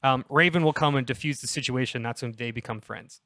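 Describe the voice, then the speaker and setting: A young man on a casual comedy podcast, pitching a story in a rambling, self-interrupting way and laughing at his own jokes. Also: fast, sharp tone, dry recording.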